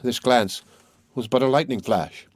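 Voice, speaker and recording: A man narrating a classic novel as an audiobook reader in a measured, even way. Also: medium pitch, husky, dry recording, clean studio sound. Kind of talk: scripted narration.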